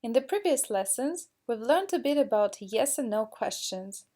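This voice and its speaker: A woman teaching English pronunciation, explaining slowly and acting out example questions with exaggerated rising and falling intonation. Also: fairly high pitch, expressive, warm tone. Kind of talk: slow classroom explanation with spoken examples.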